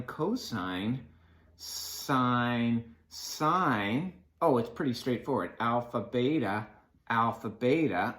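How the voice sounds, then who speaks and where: A man teaching a math lesson in a playful way, acting out sine and cosine as friends in quick skits. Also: mid-range voice, a bit bright.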